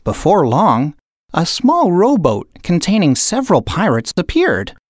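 A woman narrating a children's storybook aloud in a slow, expressive read-aloud manner. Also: fairly low pitch, no room sound, studio quality.

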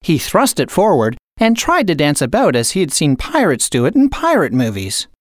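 A woman narrator reading a children's picture book aloud in an expressive, unhurried way. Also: sits low, no room sound, clean studio sound. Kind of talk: storybook read-aloud.

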